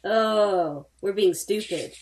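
A woman's voice: mid-range voice, slow pace, crowd noise. A woman playing a tabletop game, making joking, sarcastic remarks. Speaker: player. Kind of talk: casual chat at a tabletop game.

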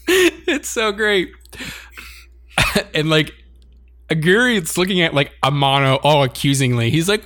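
A man's voice: fairly high pitch, takes it slowly, long pauses, no room sound, studio quality. Laughing man recapping an anime. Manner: animated, laughs often while recounting scenes. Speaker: podcast co-host. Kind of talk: casual anime recap chat.

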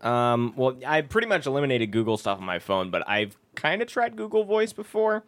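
Lively young man hosting a chat show. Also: mid-range voice, brisk. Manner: chatty, laughs easily. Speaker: podcast host. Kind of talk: casual chat.

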